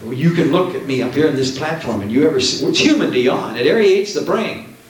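A man's voice: fairly high pitch, expressive, brisk, far from the mic. A man preaching fervently from a church platform, hammering points home through repetition. He sounds set back from the mic, and the church hall around him rings with heavy echo over a faint hiss. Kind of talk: Pentecostal sermon.

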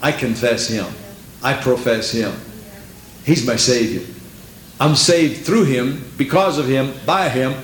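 A man's voice: mid-range voice, measured pace, a bit bright, roomy sound. A man preaching a sermon with a sing-song cadence, repeating phrases and quoting scripture in old biblical wording.

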